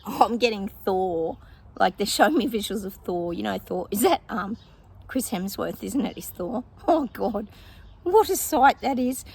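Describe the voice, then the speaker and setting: A woman's voice: medium pitch, animated, normal speed, gravelly, a little mellow, slightly rough. A woman psychic talking casually to her viewers, rambling and thinking aloud with lots of fillers and frequent laughs. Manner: laughs often. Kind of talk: casual predictions monologue to viewers.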